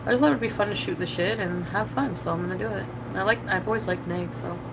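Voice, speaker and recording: A woman talks casually on a livestream, defending herself in a rambling way full of "like". The audio is dull and lo-fi, with loud vehicle noise running under her voice. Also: mid-range voice, fast. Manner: defensive, rambling, many fillers of "like". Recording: muffled lo-fi stream audio with loud car noise.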